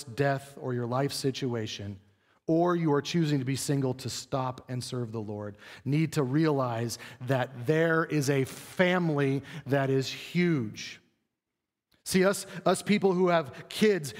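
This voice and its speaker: A man's voice: on the high side, long reverb tail. A middle-aged male pastor preaching a sermon in a conversational way, acting out quoted voices. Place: church sanctuary stage.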